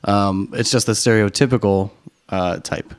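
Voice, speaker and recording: A man's voice: on the low side, fairly even intonation, moderate pace, smooth. A man co-hosting a casual chat podcast, easygoing and agreeable, talking with many fillers and restarts.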